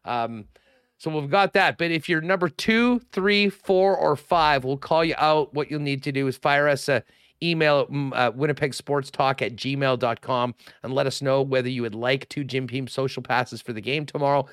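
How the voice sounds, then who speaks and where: A man's voice: medium pitch, normal speed, fairly bright tone, smooth, dry recording, clean studio sound. A man with a Canadian accent hosting a casual sports talk show, rambling through sponsor plugs and giveaways. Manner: chatty, rambling, promo reads. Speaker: sports radio host.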